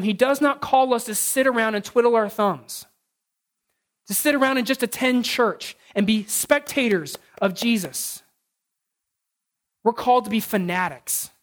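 A male pastor preaches in a lively, storytelling manner. He often stops and restarts his sentences and acts out family scenes as he speaks. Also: extremely high pitch. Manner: animated storytelling with frequent restarts. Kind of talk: sermon.

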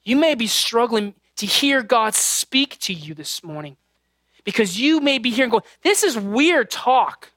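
A man's voice: very high voice, animated, moderate pace, bright, forceful tone, no echo, studio quality. Earnest male pastor preaching. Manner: earnest, conversational preaching with personal stories. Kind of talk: sermon.

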